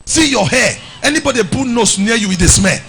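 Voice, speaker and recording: A Nigerian-accented man with a very high-pitched voice preaches briskly to a youth gathering. He's animated, switching into pidgin and delivering some lines as shouts or in a sing-song style.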